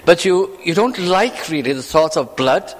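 A man preaching a sermon in a church, talking in a conversational way with rhetorical questions and slowing down to quote scripture. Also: fairly high pitch, lively intonation, a little hiss or hum. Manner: slows for scripture quotations. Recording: reverberant hall.

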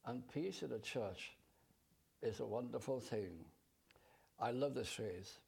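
A man preaching a sermon in a slow, measured way, drawing out his scripture quotes. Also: mid-range voice, gravelly, a little mellow, husky.

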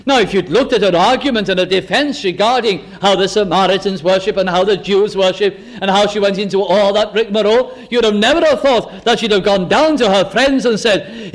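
A man preaching a sermon, quoting scripture in old English and dropping his voice low and soft for emotional asides. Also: a little fast, hardly any pauses.

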